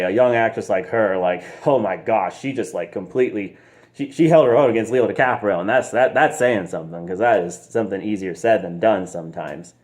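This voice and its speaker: A man's voice: lowish voice, darkish tone. A man casually reviewing a movie, rambling with frequent giggles and mild slang.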